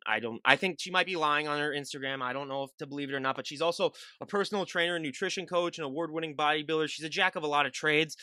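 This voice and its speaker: A man's voice: fairly high pitch, bright, forceful tone, dry recording. A man hosting a podcast interview, upbeat and joking as he introduces his guest and asks questions. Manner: upbeat, joking, rapid talker. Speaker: podcast host. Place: lives in a cold northern US state.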